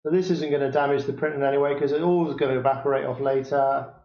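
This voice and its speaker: A man talking through a picture framing job step by step in a workshop, unhurried and hesitant, with many fillers. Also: medium pitch, steady tone. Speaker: picture framer demonstrating. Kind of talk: hands-on workshop demonstration. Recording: echoey room, dull lo-fi sound.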